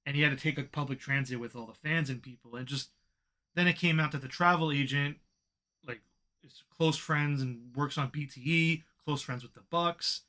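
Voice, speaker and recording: A man co-hosting a casual wrestling podcast, talking in an animated way and swearing as he vents. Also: a little high, moderate pace. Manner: animated, swearing, venting frustration. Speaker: podcast co-host.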